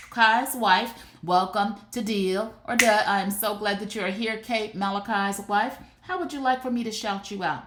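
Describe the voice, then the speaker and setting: A woman hosting a live shopping stream, talking to her viewers in a chatty, animated way. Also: mid-range voice, heavy background noise. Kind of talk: casual live stream product chat. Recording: roomy echo.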